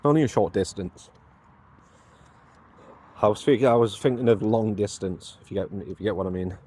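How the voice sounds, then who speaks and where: A man's voice: fairly low pitch, moderate pace, dark tone. A man vlogging outdoors from a handheld phone, rambling, muttering to himself and poking fun at himself. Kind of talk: casual vlog talk to camera. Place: outdoors by mailboxes, walking around.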